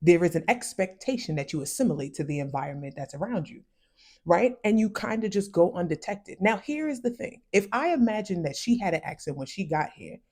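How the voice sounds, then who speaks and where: A woman from the United States with West Indian parents, giving casual psychology commentary in a conversational, emphatic way and slowing down to stress key phrases. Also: on the low side, lively intonation, a little mellow. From United States, raised by West Indian parents. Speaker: commentary vlogger.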